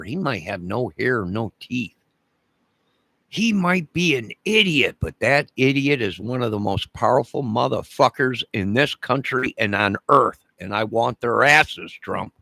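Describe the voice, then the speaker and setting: Gravelly man on a menacing rant. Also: mid-range voice, fairly bright tone, no room sound. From Chicago. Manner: menacing, repetitive, slow deliberate emphasis. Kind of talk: rambling direct-to-camera rant.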